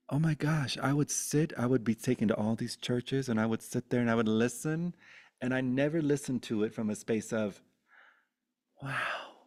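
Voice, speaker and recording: A man in his thirties telling his life story with candid, animated feeling, swearing freely and often restarting his sentences. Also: mid-range voice.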